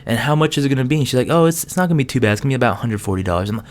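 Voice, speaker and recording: A man's voice: mid-range voice, racing. A young man, a college student, casually telling a funny story to camera, laughing and acting out voices. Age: young adult. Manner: animated, laughing, acts out voices. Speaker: vlogger.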